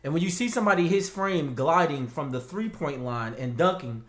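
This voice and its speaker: A man co-hosting a casual talk show, animated and slangy, laughing often. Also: on the high side, normal speed, reverberant. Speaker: podcast co-host. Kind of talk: casual chat.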